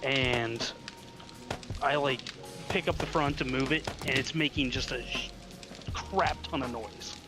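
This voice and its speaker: A man chatting casually with a friend on a stream, telling a lively story in a blunt, quick way. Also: mid-range voice, over music.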